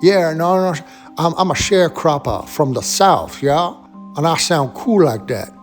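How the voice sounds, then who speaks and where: A young man affecting a laid-back Southern drawl, pitched a touch high and sounding oddly removed. He leans on every "man" and "yeah" so the cool is plainly forced, as a man puts him on to mock him. The sound is a sneering commentary-video impression. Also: expressive, a little slow, soft background music. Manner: mocking, drawling.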